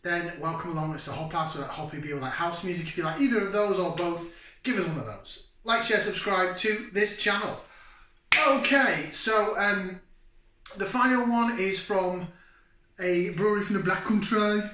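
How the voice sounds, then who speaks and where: A man's voice: high-pitched, moderate pace, sharp tone, roomy sound. A middle-aged man, hosting a rambling, chatty beer review from home. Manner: chatty, rambling, self-deprecating. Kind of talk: casual chat review.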